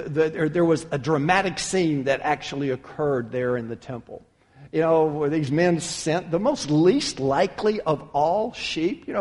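Man, pastor, sermon, emphatic and animated, high-pitched voice, long reverb. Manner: emphatic and animated, with repeated restarts.

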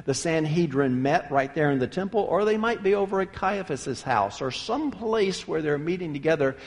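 A man preaching a sermon as a pastor, emphatic and animated, often restarting phrases. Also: fairly high pitch, big-room sound.

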